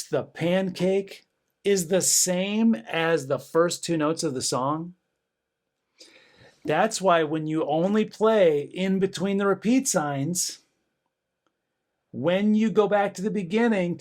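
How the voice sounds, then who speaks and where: A middle-aged man giving a band lesson, encouraging students and counting rhythms aloud with bursts of cheering. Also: sits high. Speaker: band director. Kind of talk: music lesson demonstration.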